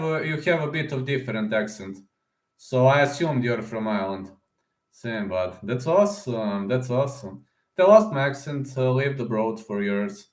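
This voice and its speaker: Chatty man livestreaming in an echoey room. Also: medium pitch. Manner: chatty, many fillers and "man", reads chat aloud. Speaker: livestream host making fight predictions. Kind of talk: casual livestream chat answering viewers. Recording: roomy echo.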